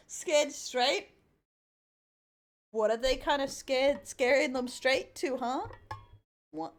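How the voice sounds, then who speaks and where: A very high, bright-pitched Australian woman who talks in loose, giggly running remarks as she reacts to a video. Her voice leaps around a lot from phrase to phrase, and she swears casually. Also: animated, extremely slow, long pauses.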